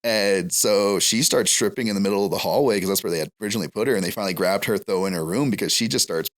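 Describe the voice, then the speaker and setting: A man's voice: on the low side, fast talker. A man on a podcast, telling long rambling stories in a casual chat and laughing through them. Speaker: podcast guest.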